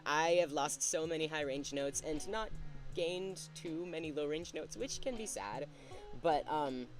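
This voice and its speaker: Streamer, male, fairly high-pitched, chatty and self-mocking, thinks aloud over faint music. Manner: chatty, thinks aloud while working, quick to laugh at himself. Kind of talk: casual livestream chat while drawing.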